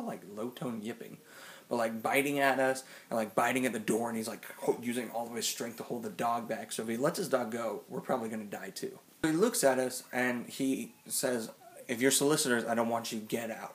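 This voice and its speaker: A young man in his late teens telling a funny story to camera, rambling and full of "like" and restarts. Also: medium pitch. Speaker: vlogger.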